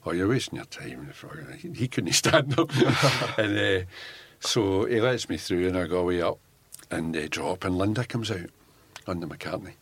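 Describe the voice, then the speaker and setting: An older Scottish man, a former undercover police officer, telling animated stories in an interview and laughing often as he acts out what people said. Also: lowish voice, breathy edge, dry recording. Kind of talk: anecdotal storytelling in an interview.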